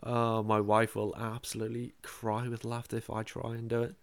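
A man's voice: medium pitch, monotone, moderate pace, creaky, clear, resonant tone, no room sound. A man with a northern English accent hosting a casual podcast chat, self-deprecating and full of ums. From northern England. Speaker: podcast host.

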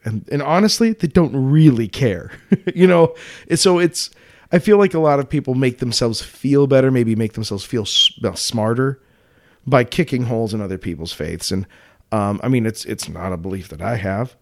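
Podcast guy chatting casually, animated, laughs a lot, mid pitch voice. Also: normal speed. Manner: animated, laughs often, frequent restarts. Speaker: podcast co-host. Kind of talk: casual chat.

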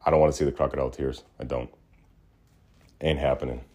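A man hosting a podcast in a small studio, talking in an animated, ranting way that drops to low mutters. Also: fast. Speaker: podcast host. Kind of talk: casual ranting monologue.

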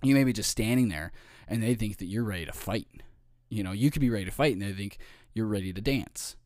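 A man's voice: on the low side, a little mellow, no echo, clean studio sound. A man giving an informal training talk, often checking in with "okay?" and "right?".

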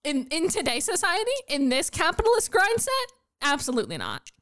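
A woman co-hosting a podcast, talking in animated, playful rants in casual chat. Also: high-pitched, a little fast. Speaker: podcast co-host.

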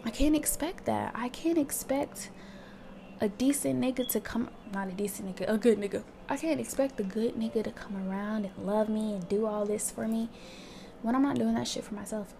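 A woman's voice: a little high, normal speed, vocal fry, dark tone, a little hiss or hum. A young woman hosting her own podcast, talking candidly in a casual monologue and swearing freely. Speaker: podcast host.

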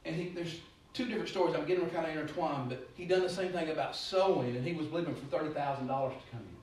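A male preacher, heard from a distance in a very echoey room, with a slightly higher voice. He rambles through his stories and then builds into loud, urgent preaching. A faint hiss sits under the recording. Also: racing. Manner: storytelling, rambling, rising to loud exhortation. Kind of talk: sermon.

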